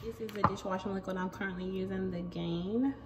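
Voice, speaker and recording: A woman's voice: medium pitch, fairly even intonation, brisk. A young woman, chatting casually to her viewers in a playful, exclamatory vlog. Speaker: vlogger.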